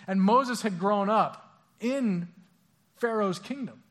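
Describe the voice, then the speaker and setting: Young male pastor, high voice, casual sermon, acts out voices, lots of restarts. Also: moderate pace. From Southern California.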